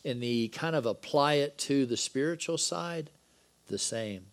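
A man delivering a Bible-study sermon, his voice sitting at an ordinary middle pitch. He explains scripture conversationally and breaks it up with joking asides. When he reads the dialogue aloud, he gives it lively emphasis. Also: unhurried. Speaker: preacher.

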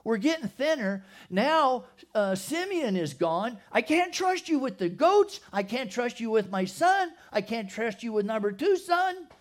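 A man's voice: very high-pitched, sing-song, a little slow, hardly any pauses, voice pushed up, exaggerated voice. A man preaching a sermon, acting out an aged father's grief with pleading cries as he reads scripture. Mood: anguished. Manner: pleading, exclaiming, rising to cries. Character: grieving aged father, anguished and distrustful. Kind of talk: dramatized scripture reading in a sermon.

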